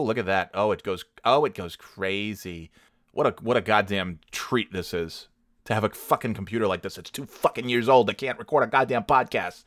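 A man with a lowish voice rants and curses through a podcast outtake, swinging between mutters and shouts. The sound is close and dry, with no room around it. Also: fast talker, no echo. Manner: furious, profane ranting and shouting. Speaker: podcast host.

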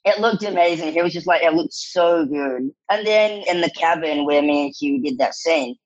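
A man with a high, light voice tells stories in a relaxed interview. His delivery is animated, and he laughs often and acts out what others said in lively bursts. The recording sounds slightly dull and lo-fi. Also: moderate pace. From New Zealand. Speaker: actor guest. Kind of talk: casual storytelling interview.

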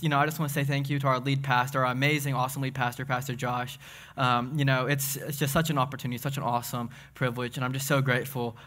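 Excitable young preacher, bright voice. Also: male voice, mid-range voice. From Tennessee. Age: young adult. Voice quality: speech impediment. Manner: excitable, fast, self-deprecating. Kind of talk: casual sermon with jokes.

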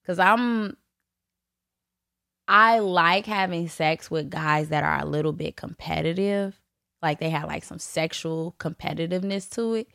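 A young woman hosting her own podcast, talking candidly and bluntly with lots of swearing and laughter, her voice jumping from loud bursts to low asides. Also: unhurried, gravelly, dry recording, studio quality. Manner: blunt, profane, laughing often. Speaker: podcast host. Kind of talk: candid solo podcast talk.

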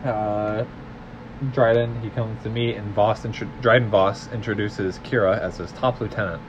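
Rambling man with a low voice. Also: fairly even intonation, moderate pace, lo-fi sound, a little hiss or hum. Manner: rambling, retells scenes with quoted lines and many fillers. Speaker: podcast co-host. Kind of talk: casual chat recapping a film.

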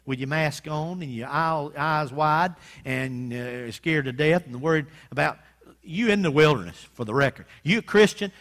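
Bright high-voiced preacher. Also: male voice. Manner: preacherly, reads scripture, calls congregation to repeat. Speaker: pastor. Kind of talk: sermon. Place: church sanctuary.

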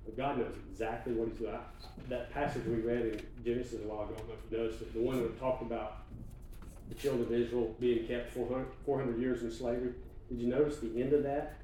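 A man preaching a sermon, reading scripture aloud slowly and pressing each phrase for emphasis. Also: mid-range voice, level tone, warm tone, a little hiss or hum. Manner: asks the congregation to read along aloud. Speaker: pastor. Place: church sanctuary. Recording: echoey sanctuary, mic heard from a distance.

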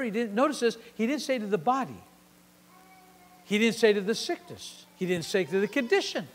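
A man's voice: high voice, long reverb tail. A middle-aged man preaching a sermon as a pastor, dramatically acting out the lines of the Bible characters.

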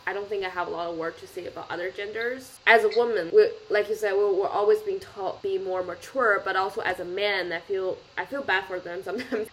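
A woman's voice: medium pitch, fairly bright tone, low-quality recording. Young woman, gropes for english words, light hiss. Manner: searching for words, non-native grammar, giggly. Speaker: podcast co-host. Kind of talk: casual chat.

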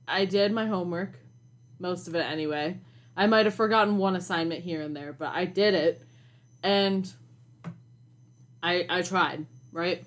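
A young woman tells a college story on a podcast in a loose, casual way. She sounds exasperated and animated, and she swears and laughs as she goes. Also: on the low side. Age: young adult. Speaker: podcast co-host.

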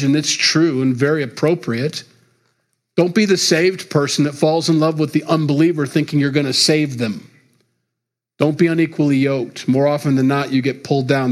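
A middle-aged man preaching a sermon as pastor, talking in a loose, conversational way and chuckling between points. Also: mid-range voice.

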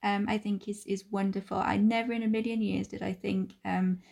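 A woman's voice: mid-range voice, level tone, a little fast, vocal fry, a little mellow. A woman co-hosting a podcast in casual chat, encouraging and agreeable, with frequent "um"s. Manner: encouraging, agreeable, hesitant fillers. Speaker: podcast co-host. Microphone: remote call.

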